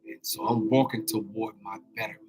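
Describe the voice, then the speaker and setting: A man's voice: on the low side, fairly even intonation, over music, low-quality recording. A man hosting a casual spiritual motivational talk. He speaks in colloquial language, repeats himself, and calls out directly to his listeners. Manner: colloquial, drawn-out phrasing. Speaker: host.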